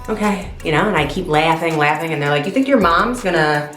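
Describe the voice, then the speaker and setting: A woman vlogger casually telling a story in an animated way, swearing freely. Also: sits low, fairly quick. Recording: roomy with faint music.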